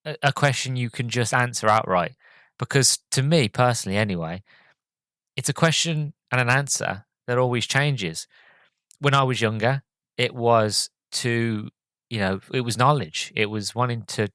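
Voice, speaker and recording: A man hosting a podcast, talking through a movie review in a halting, hesitant way with many fillers, audibly choked up and emotional. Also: mid-range voice, a bit bright, no room sound. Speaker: podcast host.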